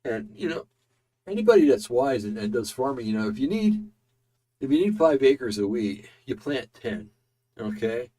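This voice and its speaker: A man's voice: mid-range voice, very animated, moderate pace, dark tone. A man hosting casual political commentary, tired and yawning, rambling with many fillers and restarts.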